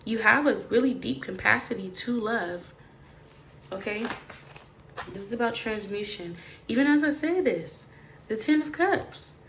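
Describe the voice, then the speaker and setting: A woman's voice: fairly high pitch, animated, unhurried, fairly bright tone, a little hiss or hum. A woman giving a casual, chatty tarot reading straight to the viewer, emphatic and full of slangy asides. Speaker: tarot reader.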